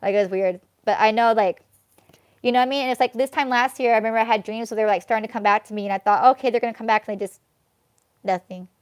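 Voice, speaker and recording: A woman's voice: on the high side, fairly even intonation, fast talker, clean tone, no echo, clean studio sound. A woman hosting a live tarot reading stream who rambles and vents, filling her talk with "like" and "you know what I mean.". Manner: rambling, venting, heavy use of fillers such as "like" and "you know what I mean". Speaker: tarot reader.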